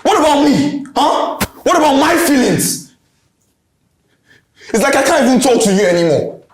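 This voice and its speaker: A man's voice: very high voice, sing-song, moderate pace, slight background noise. An actor playing a young adult son who argues defiantly with his stepmother and father. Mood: aggrieved. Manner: defiant, confrontational. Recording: echoey film audio with soft music.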